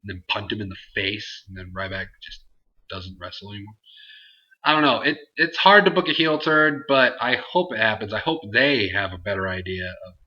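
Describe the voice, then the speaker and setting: A man's voice: on the low side, animated, moderate pace, pushed and bright, lo-fi sound. A man hosting a casual Q&A vlog, answering viewer questions in a rambling, self-interrupting way. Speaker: host.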